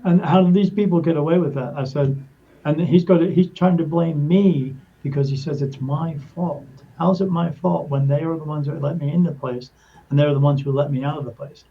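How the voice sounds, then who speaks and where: A man's voice: fairly high pitch, brisk. Man telling a story with a dull, muted sound. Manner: animated, acts out quoted dialogue, frequent restarts. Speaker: podcast guest. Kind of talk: storytelling in casual conversation.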